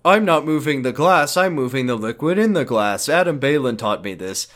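A man's voice: medium pitch, expressive, fairly bright tone. Joking young man recapping a show. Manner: joking, mocking, quick asides. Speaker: podcast co-host. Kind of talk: casual comedic recap chat.

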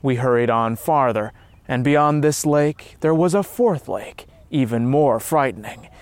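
A man's voice: medium pitch, measured pace, no echo. Earnest man narrating a story.

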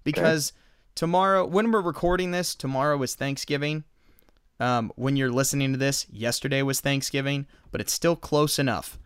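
Smooth-voiced man co-hosting a podcast. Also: medium pitch, moderate pace, no echo, clean studio sound. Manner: animated, retells scenes with laughter. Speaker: podcast co-host. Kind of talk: casual chat.

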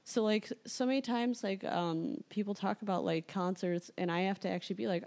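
Chatty young woman with a gravelly voice. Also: mid-range voice, fairly even intonation, moderate pace, hardly any pauses, darkish tone. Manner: chatty, filler-heavy with frequent "like". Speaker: podcast host. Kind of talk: casual podcast conversation.

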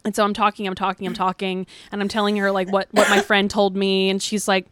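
Clear young woman telling a story. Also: medium pitch, fairly quick. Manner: animated storytelling, giggly. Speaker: podcast co-host. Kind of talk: casual chat.

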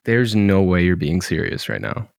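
A man co-hosting a podcast, chatting casually, excitable and teasing, laughing easily. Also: deep voice, moderate pace, creaky, dry recording, clean studio sound. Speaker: podcast co-host. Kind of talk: casual chat.

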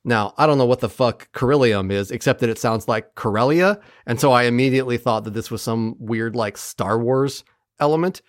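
A podcast host casually recapping a TV episode with heavy swearing and animated retelling. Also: mid-range voice, a little fast, dry recording, studio quality. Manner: profane, animated retelling of plot. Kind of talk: casual chat.

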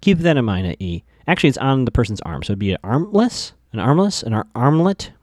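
A man's voice: medium pitch, sing-song, fairly quick, a little mellow, no echo, studio quality. A man casually recapping a TV episode, chatty, with lots of fillers, stammered restarts and asides to his listeners.

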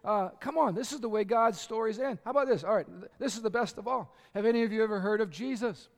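A male pastor preaching an impassioned sermon that builds to shouts, recorded in a church sanctuary. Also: high-pitched, fast. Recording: echoey hall.

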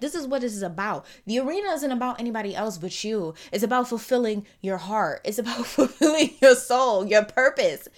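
A fairly high-voiced woman with a Caribbean accent hosts her own podcast, thinking aloud to her listeners. She talks loosely, full of "you know" and restarts, drifting from soft reflection into lively, emphatic bursts. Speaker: podcast host. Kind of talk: reflective solo podcast monologue.

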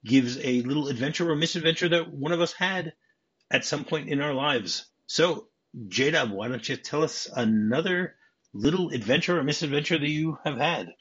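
A man's voice: fairly high pitch, moderate pace, fairly bright tone, husky. A man from Michigan hosting a movie podcast, retelling scenes casually and reading script lines aloud. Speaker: podcast host. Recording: dull muffled audio.

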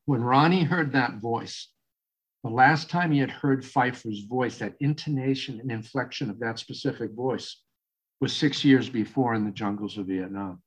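A man's voice: mid-range voice, normal speed, husky. A man in his sixties with a Boston accent, a coach telling a long story as a guest in an interview, rambling with many fillers and restarts. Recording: dull, muffled audio.

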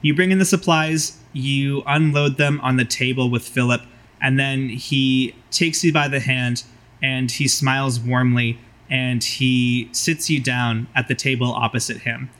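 A man's voice: mid-range voice, fairly even intonation, unhurried, a bit bright. A man narrating vividly as game master of a tabletop role-playing game.

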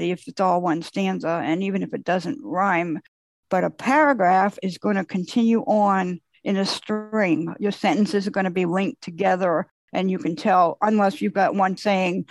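A woman's voice: mid-range voice, fairly even intonation, normal speed, a little mellow, no room sound. A woman speaking as the guest poet on a conference call, patiently explaining with repeated phrases.

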